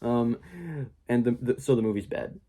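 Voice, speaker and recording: A man's voice: medium pitch, flat delivery, moderate pace, dark tone. A young man giving a casual spoken movie review, rambling with many fillers and mocking quoted voices.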